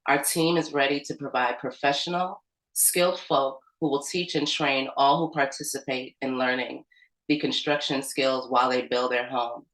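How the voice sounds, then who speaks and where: A woman's voice: extremely low pitch, steady tone, normal speed, fairly bright tone, reverberant, rough recording. A woman, a community organizer, tells a personal story in a loose, conversational way full of "like" and "um". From United States. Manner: conversational, with fillers like "like" and "um". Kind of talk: storytelling talk at an organizing meeting.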